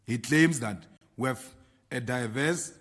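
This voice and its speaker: A South African man, a party leader, reading a prepared political statement with slow, emphatic delivery of lists. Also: mid-range voice, fairly bright tone.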